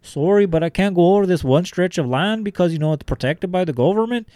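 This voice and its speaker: A man putting on a put-on Southern US drawl to voice a chatty, apologetic veteran male bush pilot in a high, sing-song, polite way. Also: animated, fast, warm tone, no echo, clean studio sound. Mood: folksy.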